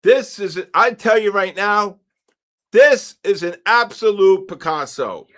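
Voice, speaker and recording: A man hosting a live trading stream, talking excitedly through charts, exclaiming and repeating himself. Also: high-pitched, slow pace. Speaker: trading livestream host.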